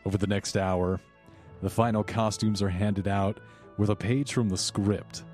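A man's voice: on the low side, fairly even intonation, measured pace, darkish tone, soft background music. A man acting as game master, narrating scenes and voicing characters in a tabletop game.

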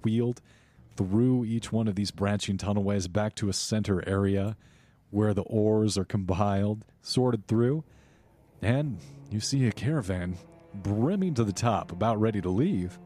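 A man narrating as game master of a tabletop game, describing scenes in a relaxed, descriptive way. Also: lowish voice, measured pace, soft background music. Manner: descriptive, relaxed, with small restarts.

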